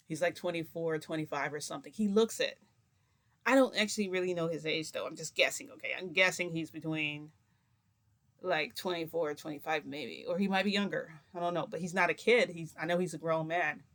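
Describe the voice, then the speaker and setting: A woman vlogger telling a casual story to camera, rambling with lots of fillers and restarts and often checking in with the listener. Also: deep voice. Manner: chatty, confiding, asks listener "right?".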